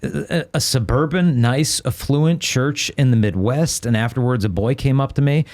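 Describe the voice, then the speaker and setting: A middle-aged man, a guest on a podcast, telling lively anecdotes in a casual way with frequent restarts. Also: mid-range voice, normal speed. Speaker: guest speaker.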